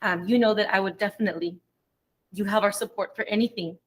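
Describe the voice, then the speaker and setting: A woman's voice: medium pitch, fairly even intonation, fast. Emotional woman on a school board. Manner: emotional, sincere. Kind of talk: heartfelt meeting remarks.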